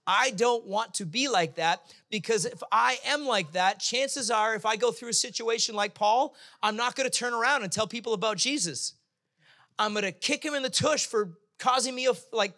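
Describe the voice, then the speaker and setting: A man preaches with a high, bright voice that carries easily. His sermon is conversational and joking, and he slips into quick acted voices to make his points. He sounds like a pastor talking plainly to a congregation.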